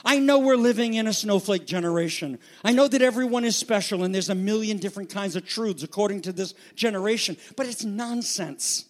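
High-voiced man preaching urgently. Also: fast talker, hardly any pauses. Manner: urgent, emphatic preaching with sudden drops to quiet asides; asks rhetorical questions and repeats phrases. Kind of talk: sermon.

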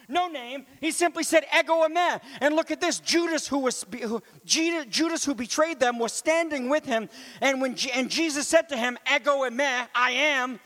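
A man preaching a sermon in a lively, conversational way, with asides to the congregation and sudden swings from loud to hushed. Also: extremely high pitch, normal speed, in a large hall. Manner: animated, swings from loud to near whisper. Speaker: pastor.

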